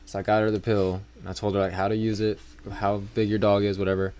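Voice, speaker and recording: A young man with a fairly low voice, co-hosting a relaxed podcast. He talks in a dry, sarcastic way and often breaks into laughs. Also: fast talker, clear, resonant tone. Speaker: podcast co-host. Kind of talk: casual chat.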